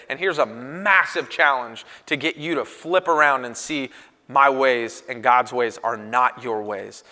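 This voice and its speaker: A man, a pastor, giving an animated conference talk to church leaders and acting out quoted voices with sudden pitch jumps. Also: big-room sound.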